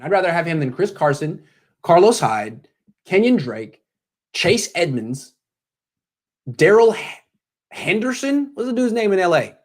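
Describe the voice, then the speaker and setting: A man's voice: high-pitched, very animated, a little slow, long pauses. A young man hosting a postgame live stream, joking sarcastically and answering donations, his voice cracking when he gets worked up. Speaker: sports show host.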